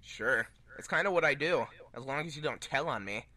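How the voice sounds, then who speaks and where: Bright-voiced man reading a fan story. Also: medium pitch, expressive, a little fast, no echo. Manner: playful, swears and laughs. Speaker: fan dub reader voicing Sonic. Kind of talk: casual group reading of a fan fiction.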